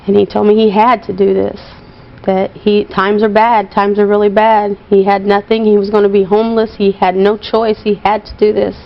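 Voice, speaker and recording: A woman telling her story as an interview guest, earnest and halting, with many pauses and fillers. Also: mid-range voice, level tone, gravelly. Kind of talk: emotional personal account. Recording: dull broadcast audio.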